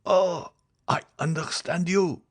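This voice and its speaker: Man voicing a dying old servant in an audiobook, choking, high, anguished. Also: steady tone, slow pace. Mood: despairing. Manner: gasping, anguished, pleading.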